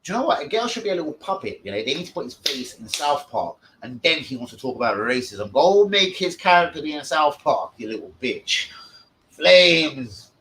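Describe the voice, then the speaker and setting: Man, brash profane trash talk, animated pitch, slightly raised voice. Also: moderate pace, rough recording. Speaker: host of a fan channel. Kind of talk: live stream rant. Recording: faint background noise.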